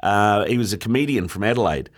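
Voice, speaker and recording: A man, hosting a casual sports-betting chat, easygoing and quick to read out odds, who often says "mate". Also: fairly low pitch, expressive. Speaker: host.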